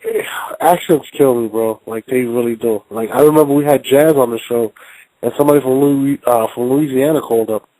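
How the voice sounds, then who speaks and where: A man hosting a call-in show in a casual, rambling flow, cursing freely and stumbling over repeated words. His voice sits at a middling pitch and sounds dry and close. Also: fairly even intonation, brisk, warm tone, no room sound, rough recording. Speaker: show host.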